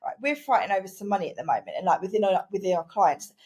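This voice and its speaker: A woman's voice: medium pitch, expressive, fast, a little mellow, breathy edge. A woman, co-hosting a casual chat podcast and speaking frankly and chattily. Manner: chatty, frank, acts out quoted people. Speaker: podcast co-host.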